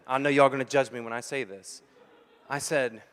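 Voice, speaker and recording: Animated storytelling pastor in a reverberant hall. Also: male voice, mid-range voice, normal speed, smooth. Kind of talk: sermon with storytelling.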